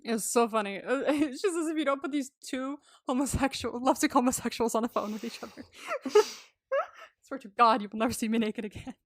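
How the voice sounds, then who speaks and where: A woman's voice: a little high, fairly quick, no echo. Giggly woman podcaster, dry close sound. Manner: animated and giggly, acting out quotes; swears freely. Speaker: podcast co-host. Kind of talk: casual chat recapping a movie.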